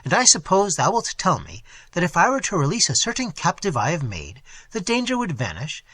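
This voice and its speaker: A haughty prince barks demands and sneers at his visitor, as a man reading the story puts him on. The voice is bright and husky, rising and falling widely as he scorns and questions. The sound is close and dry, with no room around it. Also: high voice, huge pitch swings, fairly quick, no echo, voice pushed up, exaggerated voice. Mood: scornful. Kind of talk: audiobook character voice.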